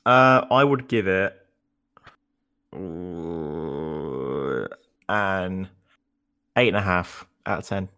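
A man's voice: sits low, lively intonation, very slow, vocal fry, long pauses, sharp tone. A man guesting on a film podcast, speaking in a laid-back, jokey way. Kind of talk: casual film review chat.

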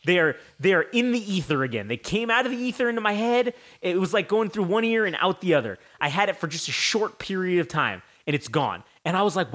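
Casual podcast host, young man, animated storyteller, acts out voices, high and very lively. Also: quick pace.

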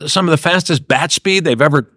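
Joking, profane man with a higher voice. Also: fairly quick, fairly bright tone, no room sound, clean studio sound. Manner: loose, profane, joking banter. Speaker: podcast co-host. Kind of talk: casual chat. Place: studio of a flooring sponsor.

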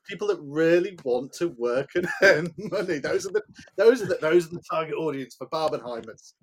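A man's voice: fairly high pitch, lively intonation. A man, an actor and writer, chatting as a guest on a podcast and joking with the hosts. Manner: jokey and quick to laugh. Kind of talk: casual chat.

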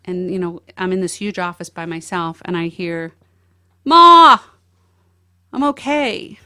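A woman's voice: fairly low pitch, level tone, moderate pace. Earnest middle-aged woman telling her story. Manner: earnest, emotional storytelling with restarts. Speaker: guest. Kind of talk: personal testimony in an interview.

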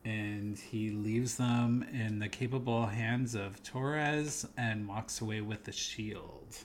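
A man's voice: fairly low pitch, slow pace, a little hiss or hum. A man co-hosting a casual podcast, recapping scenes in a loose, rambling way. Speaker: podcast co-host. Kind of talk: casual show discussion.

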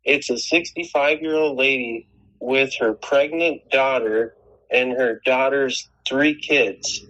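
Brief: male guest, rambling profane storyteller, mid pitch, lo-fi muffled recording. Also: slow pace, bright, forceful tone. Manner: rambling, profane, frequent restarts. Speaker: guest telling a personal story. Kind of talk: casual storytelling chat.

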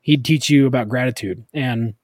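A man's voice: medium pitch, normal speed, a little mellow, no room sound, studio quality. A middle-aged man co-hosting a podcast, chatting casually in a self-deprecating way, full of "like". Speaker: podcast co-host. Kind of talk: casual chat.

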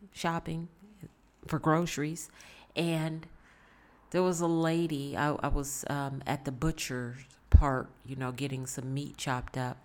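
Low-pitched woman chatting to her viewers, earnest life advice, keeps repeating herself to drive it home. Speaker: vlogger giving life advice. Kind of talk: casual motivational talk.

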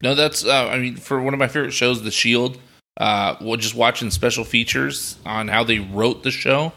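A man's voice: medium pitch, moderate pace, gravelly, bright, forceful tone. A young man co-hosting a podcast, chatting casually and at length in a laid-back, talkative way. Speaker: podcast co-host. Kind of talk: casual chat.

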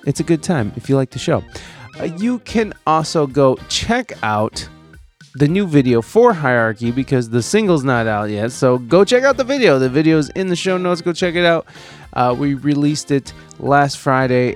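A man hosting a podcast, reading out his plugs in a loose, rambling, profane and self-mocking way. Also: mid-range voice. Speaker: podcast host.

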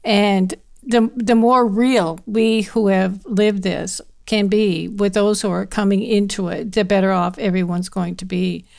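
A woman's voice: mid-range voice, steady tone, measured pace, vocal fry, hardly any pauses, a little mellow. A woman with a medium voice who co-hosts a podcast, speaking earnestly and laughing as she tells stories. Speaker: podcast co-host. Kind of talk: casual podcast conversation.

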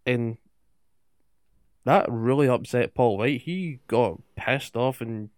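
A man's voice: mid-range voice, slow, a little mellow, no room sound, clean studio sound. A man co-hosting a podcast, recapping wrestling in casual chat with swearing and rhetorical questions. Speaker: podcast co-host.

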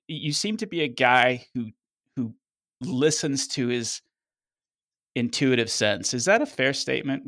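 A man's voice: mid-range voice, creaky, a bit bright, no echo, clean studio sound. A man hosting a long-running interview show, asking earnest, thoughtful questions with some restarts. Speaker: podcast host.

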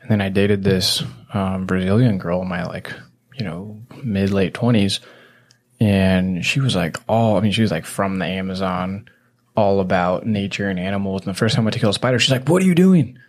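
Deep-voiced man hosting a casual podcast. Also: steady tone, normal speed. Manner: rambling, teasing, heavy "you know" fillers. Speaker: podcast host. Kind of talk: casual conversational explaining.

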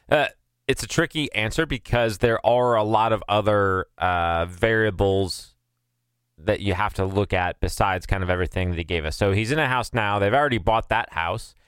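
A man's voice: lowish voice, smooth, no room sound. A man, co-hosting a money podcast, giving advice in a casual chat and thinking aloud with lots of fillers. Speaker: podcast co-host.

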